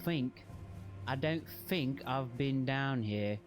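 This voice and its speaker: A man's voice: medium pitch, normal speed, music in the background. A man casually chatting while streaming a video game, rambling and joking at his own expense. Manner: rambling, self-deprecating, jokey. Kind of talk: casual gameplay chat.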